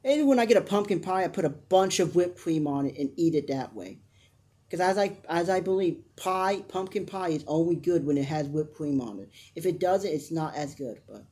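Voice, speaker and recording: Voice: mid-range voice, warm tone, slightly rough. A soap opera reviewer giving a casual, rambling recap with frequent tangents and blunt opinions, acting out characters in mock voices. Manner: rambling, full of tangents and restarts.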